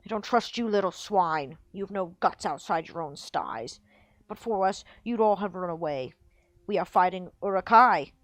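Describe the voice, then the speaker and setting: A woman reading aloud, voicing a brutish male orc captain who barks loud, domineering commands in a growl. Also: lowish voice, normal speed, dry recording, close to an everyday voice. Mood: commanding. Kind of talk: reading a book aloud on a livestream.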